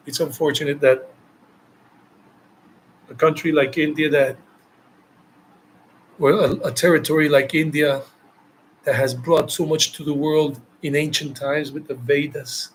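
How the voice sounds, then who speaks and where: A man's voice: a little high, steady tone, unhurried, pauses often, a little hiss or hum, rough recording. A man from the United States, a travel vlogger answering viewer questions live, talking emphatically and repeating phrases for stress. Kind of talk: live Q&A chat.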